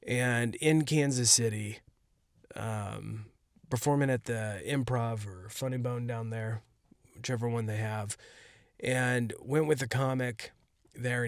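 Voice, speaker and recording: A man's voice: medium pitch, no echo, clean studio sound. Laid-back man telling a rambling story. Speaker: podcast host and stand-up comedian. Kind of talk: casual solo storytelling.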